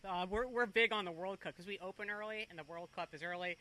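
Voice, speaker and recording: A middle-aged woman who owns a cafe, chatting quickly in an interview and laughing between her stories. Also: medium pitch, bright, forceful tone, slight background noise, poor audio. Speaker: restaurant owner. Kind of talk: casual interview.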